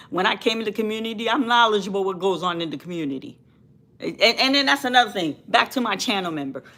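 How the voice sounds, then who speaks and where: Fiery, bright-voiced woman channel host. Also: a little high. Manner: fiery, preachy, repeats phrases for emphasis. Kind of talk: impassioned commentary to viewers.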